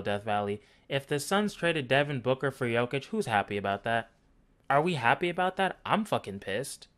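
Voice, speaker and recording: A man's voice: medium pitch, a bit bright. A man ranting through a basketball game analysis, blunt, profane and sarcastic. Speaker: basketball commentary vlogger.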